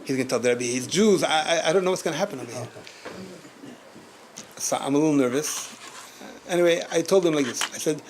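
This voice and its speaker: At a community gathering, a rabbi with a slightly high voice tells a story animatedly, often laughing and repeating words as he goes. There's slight background noise.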